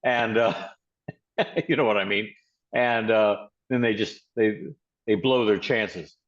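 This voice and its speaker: American guy, lowish voice, stumbles and repeats himself, kinda dull lo-fi sound. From United States. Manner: halting, repeats words and restarts often. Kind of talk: casual chat.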